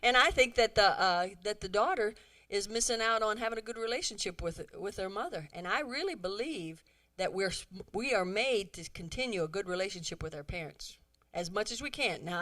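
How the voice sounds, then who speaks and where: A middle-aged woman giving a humorous talk to a church audience, animated and chatty, acting out bits of dialogue. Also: medium pitch, brisk. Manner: animated, acts out quoted dialogue, chatty asides. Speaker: women's conference speaker.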